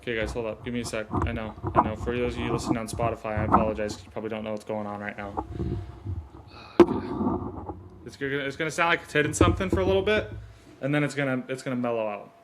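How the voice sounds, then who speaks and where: A man's voice: mid-range voice, quick pace, very noisy. A man hosting his own podcast, giving motivational talk and chatting casually while fixing his mic stand. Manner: earnest, rambling, fixes gear mid-recording. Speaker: podcast host. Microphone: desk mic on a stand.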